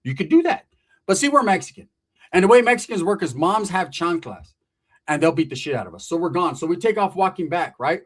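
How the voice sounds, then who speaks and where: A man telling a wild story casually, profane and animated, jumping in and out of acted quotes. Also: high voice, fairly quick.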